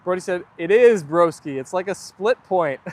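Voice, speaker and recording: Give me a high-voiced young man, chatting casually with his livestream viewers. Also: lively intonation, unhurried, a little mellow. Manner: chatty, rambling, reads comments aloud. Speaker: livestream host. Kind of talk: casual live chat reading viewer comments.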